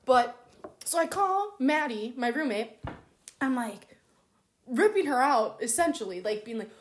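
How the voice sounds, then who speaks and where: A woman's voice: high-pitched, measured pace, slight background noise. A young woman telling an embarrassing story in casual chat, swearing freely and acting out her own quotes. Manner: swears a lot, animated storytelling with acted-out quotes.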